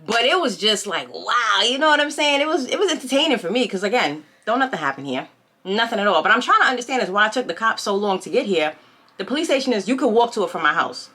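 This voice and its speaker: Bright-voiced woman telling a storytime. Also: mid-range voice. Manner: chatty, rhetorical questions to viewers; animated gossiping retelling. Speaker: vlogger. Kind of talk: casual storytime chat. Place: home, by a window.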